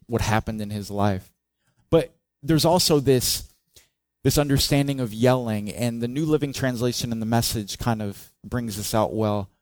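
This is a man with a medium-pitched voice, recorded without any room sound. He's a pastor giving a conversational sermon, asking his listeners questions and expressively raising his voice to act out the psalmist's cries.

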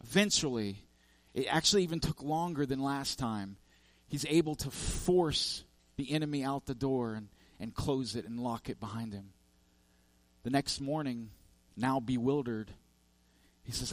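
A man's voice: mid-range voice, measured pace, dry recording. Guy preaching, telling a story with lots of repeated lists, dry close sound. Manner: repetitive, emphatic lists, frequent restarts. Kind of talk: sermon storytelling.

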